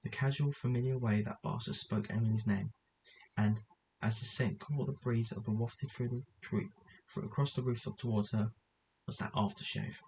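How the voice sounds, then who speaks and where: A man's voice: mid-range voice, steady tone, moderate pace, darkish tone, slight background noise, poor audio. A man reading a story aloud as narrator, often stumbling and correcting himself as he goes. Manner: reads with frequent stumbles and self-corrections.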